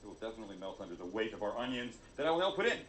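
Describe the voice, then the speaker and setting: A man's voice: fairly low pitch, very animated, racing, a bit bright, slight background noise. Man, cooking-show host, joking as he works, roomy echoey sound. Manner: jokey, self-mocking, chatty. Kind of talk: cooking demonstration video.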